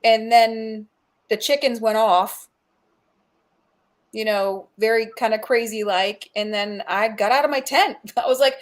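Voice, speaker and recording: A woman's voice: on the high side, fairly even intonation, measured pace. Chatty woman who laughs easily. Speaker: co-host. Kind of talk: casual chat.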